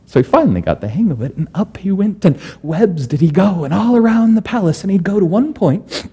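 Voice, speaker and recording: Husky, animated male storyteller. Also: sits high, fairly quick. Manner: animated, playful, swinging from whispers to bursts. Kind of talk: oral storytelling.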